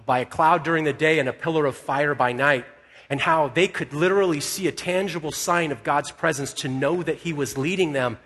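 Husky-voiced preacher in an echoing hall. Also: male voice, fairly high pitch, a bit bright. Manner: conversational storytelling, acts out quoted dialogue. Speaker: pastor. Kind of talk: sermon. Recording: echoey hall with long reverb.

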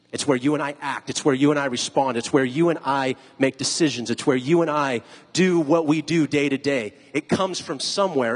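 A pastor delivers a conversational sermon in a large hall, putting questions to his listeners. His voice is fairly high-pitched and husky.

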